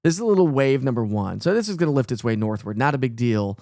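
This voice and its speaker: A man's voice: mid-range voice, expressive, quick pace, dark tone, dry recording, clean studio sound. A middle-aged man, hosting a casual live weather stream and greeting viewers by name. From East Tennessee.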